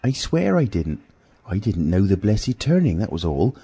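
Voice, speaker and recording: A man's voice: lowish voice, sing-song, moderate pace, mellow, breathy edge, pitched above the performer's own voice, heavily acted. A man voicing a cowardly middle-aged tramp who pleads and complains in a self-pitying way in an audiobook. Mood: whining. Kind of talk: audiobook character voice.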